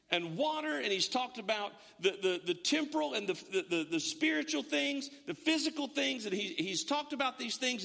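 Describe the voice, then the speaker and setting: A man's voice: very high voice, vocal fry, sharp tone, long reverb tail. A man preaching a sermon to a congregation, emphatic and often repeating words as he builds a point. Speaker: pastor.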